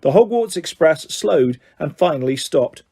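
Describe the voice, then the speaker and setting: Male audiobook narrator: steady storytelling, warm and a bit high. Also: a little slow, breathy edge. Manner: steady storytelling with voiced dialogue. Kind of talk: scripted narration.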